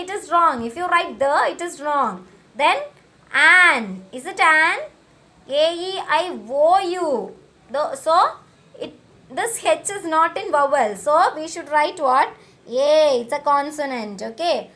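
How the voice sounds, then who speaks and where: Slow, high-voiced woman teaching children. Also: lively intonation, bright, forceful tone. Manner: slow, repeats each question and answer, coaxing. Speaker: school teacher. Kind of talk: recorded English lesson for young children.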